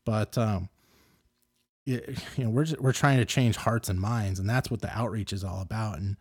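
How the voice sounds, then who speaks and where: Man, low voice, dry close sound, animated storyteller, casual podcast host. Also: moderate pace, slightly rough, no echo. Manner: animated, gets louder and higher when worked up.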